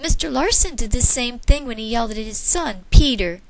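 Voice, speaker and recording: A woman voicing a gentle young Whisper Child, a small spirit who sounds earnest and worried. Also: fairly high pitch, animated, normal speed, a little hiss or hum.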